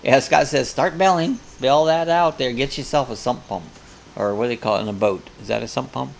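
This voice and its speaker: Gravelly older man hosting a chat. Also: mid-range voice, fairly quick, a little hiss or hum. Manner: chatty, rambling, reads comments aloud. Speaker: host of a live coffee chat. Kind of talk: casual live-stream chat reading viewer comments.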